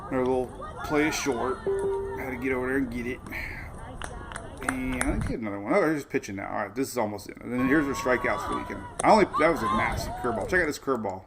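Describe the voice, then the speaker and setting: A chatty, excitable man hosts a casual live show, his voice gravelly and his pitch swinging up and down. Steady background noise runs under his talk. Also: quick pace. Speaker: weather show host. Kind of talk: casual live-stream chat.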